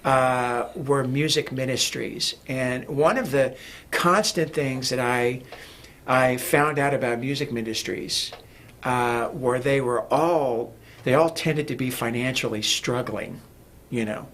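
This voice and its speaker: A man's voice: mid-range voice, takes it slowly, fairly bright tone, slight background noise. A man talking as a guest in a casual interview, rambling with many fillers and restarts. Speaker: guest, music producer.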